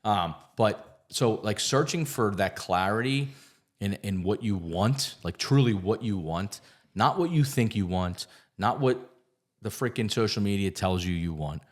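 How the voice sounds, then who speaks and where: A low-pitched man speaks as a guest on a podcast. His delivery is loose and conversational, full of filler words and casual cursing as he tells personal stories. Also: animated, a little slow. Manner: candid storytelling, many "like" fillers, casual swearing.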